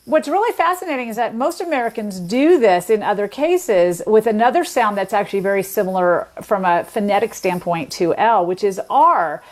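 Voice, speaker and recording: A woman talking through ideas in a steady, explanatory way, like a lecturer in conversation. She lays out her points in order and spells out words and examples with care. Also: medium pitch, moderate pace, few pauses. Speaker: linguist guest.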